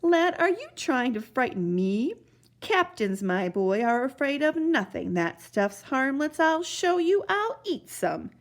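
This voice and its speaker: A woman's voice: high voice, big pitch swings, unhurried, pitched above the performer's own voice, heavily acted. A woman voicing a vain, pompous male guard captain who breezily dismisses danger in a storybook reading.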